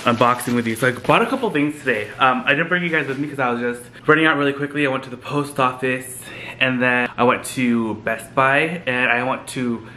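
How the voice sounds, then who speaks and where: A man hosting a casual vlog, gushing and excitable, talking straight to viewers while filming on a handheld camera. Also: medium pitch, brisk, a little hiss or hum. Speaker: vlogger host. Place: thrift store, then home kitchen.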